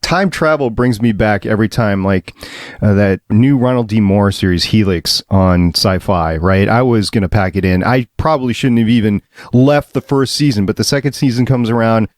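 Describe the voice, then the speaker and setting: A man's voice: lowish voice, moderate pace, no room sound, studio quality. A man co-hosting a fan podcast, chatting and explaining ideas at length. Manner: chatty, explaining, laughs often. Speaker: podcast co-host. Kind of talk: casual chat.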